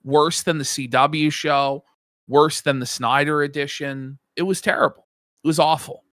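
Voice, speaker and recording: A man co-hosting a casual podcast panel, ranting with heavy profanity and mock sermon-like jabs. His voice is bright and forceful, a little higher than most men's, recorded dry and close with no room sound. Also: fairly even intonation, normal speed, no room sound. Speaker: podcast co-host. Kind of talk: casual panel chat reacting to a video.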